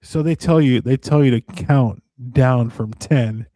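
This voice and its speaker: A man's voice: medium pitch, unhurried, mellow, dry recording. A man in casual chat, laid-back and swearing freely, often saying "dude".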